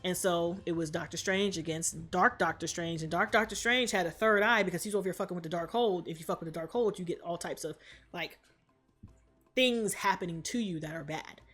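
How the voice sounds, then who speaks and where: A woman's voice: on the low side, fairly quick, fairly bright tone. A woman vlogger giving a comic movie recap in slangy, profane talk.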